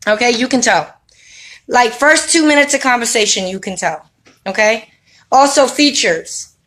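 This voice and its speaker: A woman's voice: fairly high pitch, normal speed, a bit bright, low-quality recording. A woman giving a casual spiritual talk to camera at home, preachy and streetwise, who keeps checking with "you know what I mean?". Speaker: spiritual vlogger. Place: home with children around.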